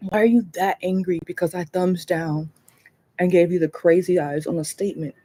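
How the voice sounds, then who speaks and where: A woman hosting a casual livestream chat, rambling and animated, swearing freely and laughing often. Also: lowish voice, moderate pace. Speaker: livestream host.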